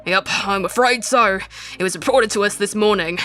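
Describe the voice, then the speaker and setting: A woman's voice: medium pitch, moderate pace, pushed and bright, faint music behind, pitched below the performer's own voice, natural voice. A woman doing a blustering British police inspector. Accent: put-on British. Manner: blustering, slangy, reading game dialogue aloud. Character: gruff middle-aged male police inspector.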